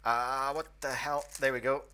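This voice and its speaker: A man's voice: mid-range voice, little pitch movement, moderate pace, pushed and bright. A young Scottish man from the northeast, chatty and self-deprecating, hosting and commentating on a casual online match. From northeast Scotland. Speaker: host.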